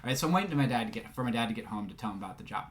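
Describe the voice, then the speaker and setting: A man's voice: mid-range voice, lively intonation, racing. A man telling a personal story to a group, with frequent filler sounds and rambling asides. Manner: acts out quoted dialogue.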